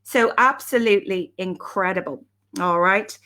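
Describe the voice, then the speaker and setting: Woman, live-stream host, middle pitch, chatty and upbeat, greets viewers by name, home webcam sound. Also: unhurried, bright, forceful tone. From Ireland. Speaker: self-help speaker hosting a live stream. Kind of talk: casual live-stream talk. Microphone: webcam or phone live stream.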